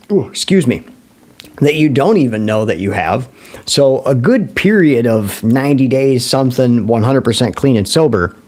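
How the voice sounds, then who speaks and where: A man hosting a recovery livestream in casual talk, animated, laughing often and answering his own questions. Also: medium pitch.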